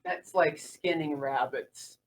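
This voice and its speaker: Woman, slow hesitant talk, lowish voice, dry humor. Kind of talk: casual chat.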